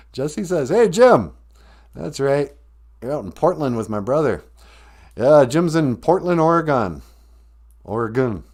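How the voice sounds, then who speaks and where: A man in his fifties with a Minnesotan accent, hosting a casual comedic podcast in a playful way, laughing often and drawing phrases out slowly. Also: medium pitch, lively intonation, darkish tone. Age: 50s. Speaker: podcast host.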